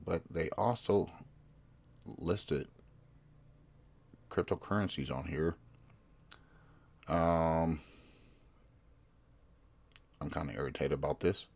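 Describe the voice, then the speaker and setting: A man's voice: very deep voice, slow, gravelly, long pauses, darkish tone. A man hosting his own podcast, reading news articles aloud and commenting in a casual, rambling way, often stopping to search for his place. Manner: rambling, self-interrupting, reads articles aloud. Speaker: podcast host.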